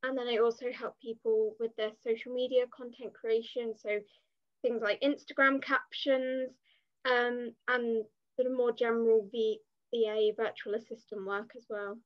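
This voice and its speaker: A young English woman in her twenties, a guest on an interview, speaking softly and hesitantly with many fillers. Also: fairly high pitch, flat delivery, moderate pace. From England. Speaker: guest content creator. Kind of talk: casual interview chat. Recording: dull lo-fi sound.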